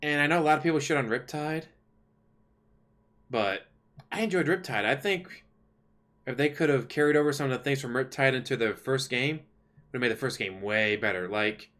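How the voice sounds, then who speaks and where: A man's voice: medium pitch, a bit bright. A man hosting a livestream, chatting casually and sarcastically while complaining. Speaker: livestream host. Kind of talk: casual rambling chat.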